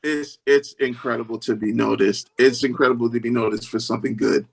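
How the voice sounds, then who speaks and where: A man tells his story as a guest in an interview, earnest and a little halting, and he often starts a sentence over. His voice sits at an ordinary middle pitch. When he quotes other people he leaps up into high, animated voices. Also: creaky, slightly rough.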